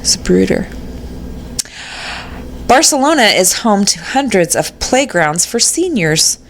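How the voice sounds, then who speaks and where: A woman's voice: mid-range voice, big pitch swings, slow. A woman co-hosting a podcast, reading out trivia facts in casual chat, giggly and often exclaiming. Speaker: podcast co-host.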